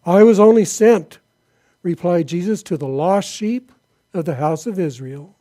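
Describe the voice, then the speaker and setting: Man, pastor, sermon, high voice, mellow tone, reads scripture aloud. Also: unhurried. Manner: reads Bible passages aloud, then asks the congregation questions.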